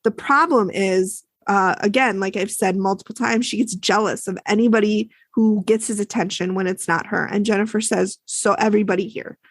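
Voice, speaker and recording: A woman chats through a show recap for a podcast, slipping into the quoted lines as she goes. Her voice sits at an ordinary middle pitch. The sound is close and dry. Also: steady tone, moderate pace, few pauses, dry recording. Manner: chatty, retells scenes with quoted lines. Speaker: podcast co-host recapping an episode.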